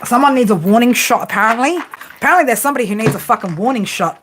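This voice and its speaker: A woman's voice: fairly high pitch, quick pace, background noise. Swearing Australian woman reading tarot. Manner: blunt, heavily profane, teasing. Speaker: tarot reader. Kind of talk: casual tarot reading to viewers.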